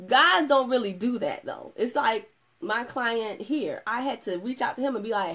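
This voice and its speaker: Young woman, casual vlog host, lively and chatty, slightly high voice with some vocal fry. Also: moderate pace. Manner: animated, chatty, with playful asides and laughter. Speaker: product distributor showing client results. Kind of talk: casual video chat.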